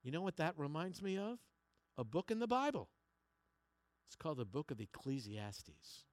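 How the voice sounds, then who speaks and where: A male pastor preaching a sermon, moving from quiet slow passages to loud emphatic ones and repeating words as he finds his phrasing. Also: on the high side, big pitch swings, dry recording.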